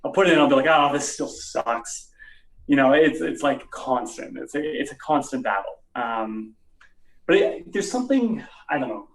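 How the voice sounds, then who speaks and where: A man's voice: mid-range voice, normal speed. A man who plays in a band, chatting in an interview, rambling with lots of fillers. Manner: rambling, animated, many fillers. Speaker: musician guest. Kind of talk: casual interview chat. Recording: roomy sound from off the mic.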